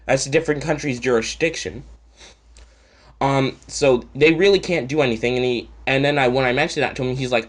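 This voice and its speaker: A man from Canada rants through a casual storytime, rambling and cursing freely. His tone is sarcastic, with a pitch that sits in the middle. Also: fairly quick. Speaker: channel host.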